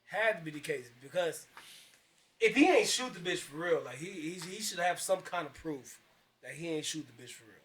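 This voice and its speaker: A man's voice: on the high side, animated, moderate pace, a bit bright, echoey room, recorded from a distance, a little hiss or hum. A man co-hosting a casual podcast, talking in slangy, profane street speech. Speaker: podcast co-host. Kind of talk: casual group podcast chat.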